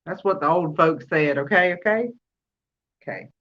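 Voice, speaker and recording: A woman's voice: sits low, moderate pace. A woman with a Southern US accent hosting a casual live podcast chat, talking easily and laughing often as she answers viewers. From Alabama. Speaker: podcast host. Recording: dull lo-fi livestream audio.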